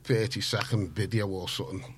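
A man, a guest author telling stories in a casual radio interview, full of restarts and animated asides. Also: lowish voice, fairly quick, slight background noise. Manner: animated, rambling storyteller with many restarts. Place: radio studio.

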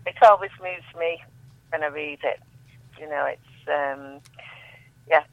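A woman's voice: low-pitched, fairly even intonation, slow, vocal fry, no room sound. A woman reading her own poetry aloud as a radio guest, reciting with emotion and rising repeated refrains. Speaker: guest poet on a phone-in. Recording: tinny dry phone line.

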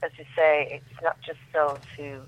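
A woman's voice: low-pitched, flat delivery, a little slow. Woman reading poems over a tinny phone. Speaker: guest poet. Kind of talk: reading her own poems aloud. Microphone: telephone.

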